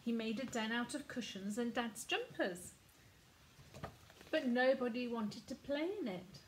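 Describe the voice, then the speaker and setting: A woman reading a children's picture book aloud in a gentle, expressive storytelling manner. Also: a little high, measured pace, a little hiss or hum, rough recording. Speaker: storybook reader.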